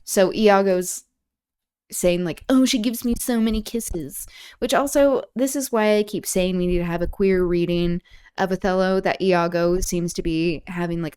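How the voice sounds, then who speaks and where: A woman's voice: on the low side, a little mellow, smooth, dry recording, studio quality. Blunt, irreverent woman book club host. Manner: irreverent, blunt, frequent fillers, swears freely. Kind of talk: casual reading and commentary on a livestream.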